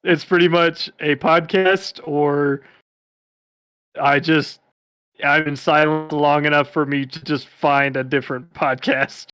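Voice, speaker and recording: A man with a fairly high voice chats on a podcast in a loose, rambling way, full of fillers. The recording is dry and close. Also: steady tone, slow pace, fairly bright tone, clean tone, no echo. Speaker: podcast co-host. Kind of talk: casual chat.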